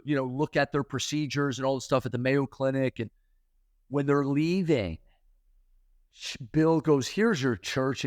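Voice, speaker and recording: A man's voice: mid-range voice, no echo, studio quality. Chatty middle-aged man telling a story. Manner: loose and chatty, filler-heavy. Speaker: host and spiritual teacher. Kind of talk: casual storytelling talk.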